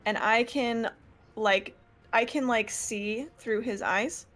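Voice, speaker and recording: A woman's voice: a little high, takes it slowly, a bit bright. A young woman playing a tabletop game over an online call, asking eager questions about her character's actions. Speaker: player.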